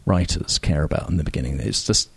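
A man's voice: extremely low pitch, quick pace, husky, no echo. A man telling stories in an interview, rambling and self-deprecating, with frequent ums and restarts. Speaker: novelist guest. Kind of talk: casual anecdotal interview talk.

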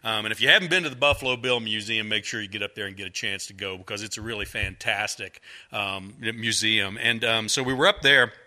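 A man's voice: lowish voice, brisk, hardly any pauses, bright, forceful tone. A middle-aged man, an author, telling a rambling, self-mocking story to a live audience in a folksy, casual way. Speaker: author speaking to a bookstore audience.

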